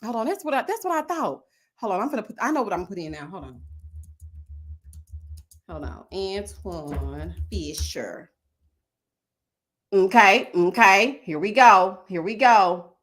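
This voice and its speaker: Animated laughing woman livestream host. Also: mid-range voice, moderate pace. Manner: animated, laughing, drawling endearments like "baby" and "child". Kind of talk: casual live chat commentary.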